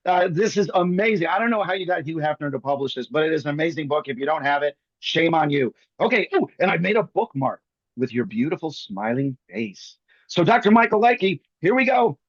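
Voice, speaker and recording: High-voiced man riffing comically on a video call. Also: expressive, no echo, dull audio. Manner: rapid comic riffing with bits of mimicry. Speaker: guest magician.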